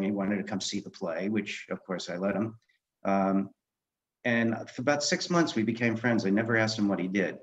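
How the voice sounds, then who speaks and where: Older man, low voice, animated podcast storyteller; muffled lo-fi recording. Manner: animated anecdotes, acting out quoted dialogue. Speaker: guest, author and film director. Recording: dull lo-fi sound.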